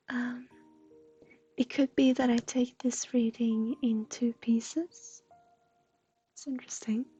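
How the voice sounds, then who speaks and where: Woman, high voice, slow and unhurried, soft half-whispered reading, faint music behind. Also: husky, lo-fi sound. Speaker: intuitive reader. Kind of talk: livestream psychic reading.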